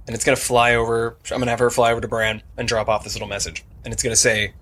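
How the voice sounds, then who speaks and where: A man's voice: medium pitch, monotone, racing, fairly bright tone, slight background noise. A man playing a tabletop game, talking casually and restarting his sentences. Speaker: player.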